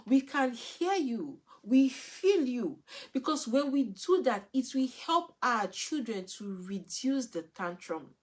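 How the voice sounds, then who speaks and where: A woman's voice: fairly high pitch, big pitch swings, takes it slowly. Earnest woman coaching parents. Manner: earnest, repetitive, instructive. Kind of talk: live teaching talk.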